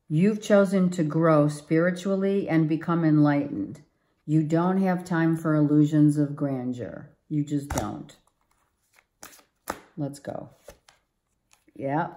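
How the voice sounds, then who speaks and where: A woman's voice: low voice, warm tone. A woman giving a tarot reading to viewers, emphatic and exclaiming, often repeating herself. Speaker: tarot reader.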